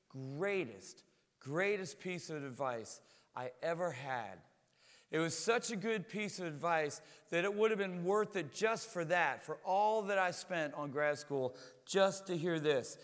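A man's voice: fairly high pitch, fairly bright tone, big-room sound. A man preaching a sermon as a pastor, talking in a conversational way and often repeating words as he goes.

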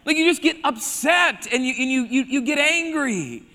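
A man preaching a sermon as pastor, animated, swinging between hushed emphasis and loud bursts. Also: extremely high pitch, normal speed. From South Dakota. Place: church hall. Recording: long reverb of a large hall.

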